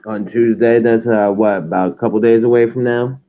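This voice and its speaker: A man's voice: mid-range voice, fairly even intonation, brisk. A man hosting a casual livestream, easygoing and asking lots of questions. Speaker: host. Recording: tinny phone-like line.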